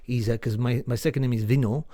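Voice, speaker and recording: A man's voice: mid-range voice, steady tone, fast, warm tone. A man, likely in his forties, performing a stand-up comedy set in a rambling, self-deprecating way, with many restarts.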